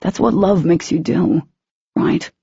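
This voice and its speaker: A cocky young man from a romance audiobook, gentle and teasing with the woman he loves, as a woman narrator reads him in her own husky voice. The tone is warm and slightly gravelly. The recording is dull, dry and muffled. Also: lowish voice, slow pace, dry recording, heavily acted. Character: young adult man, cocky yet tender love interest.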